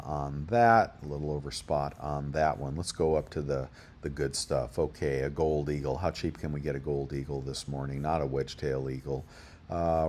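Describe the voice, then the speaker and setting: A man with a very deep, darkish voice runs a coin deals channel, rambling casually through a deal rundown and thinking aloud about prices, hiccups and all.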